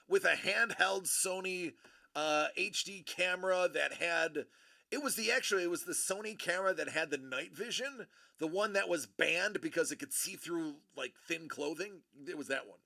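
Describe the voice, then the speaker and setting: Gravelly, bright-voiced man telling a story. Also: a little high, animated, normal speed. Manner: rambling, chatty, self-correcting. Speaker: livestream host. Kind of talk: casual storytelling on a livestream. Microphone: streaming microphone.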